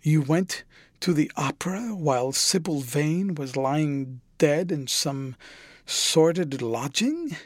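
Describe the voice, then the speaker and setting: A man voicing an anguished older male painter who pleads with a young friend, in a husky, slightly high voice. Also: lively intonation, moderate pace, dry recording, studio quality. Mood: pleading. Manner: pleading, horrified.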